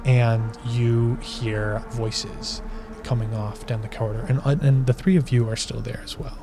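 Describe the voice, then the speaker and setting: A man's voice: medium pitch, level tone, unhurried. Male game master, casual loose narration, music playing behind. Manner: loose and searching, with many fillers.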